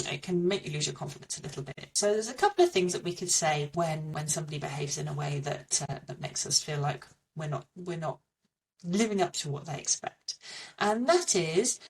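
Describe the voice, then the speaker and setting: A woman teaching beginner French, slowly repeating each phrase with care. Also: lowish voice, recorded from a distance. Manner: slow, careful repetition of phrases. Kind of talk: beginner language lesson.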